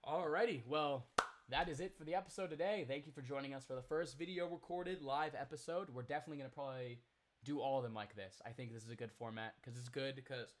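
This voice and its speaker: A man's voice: medium pitch, fast talker, a little hiss or hum. Rambling, opinionated male podcast co-host. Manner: rambling, opinionated, trails off and restarts. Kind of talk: casual sports chat. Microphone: remote recording, apart from co-host.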